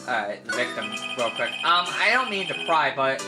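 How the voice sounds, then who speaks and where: A woman's voice: very deep voice, big pitch swings, moderate pace, pitched below the performer's own voice. A woman reading a puzzled young lawyer. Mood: probing. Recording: game music underneath.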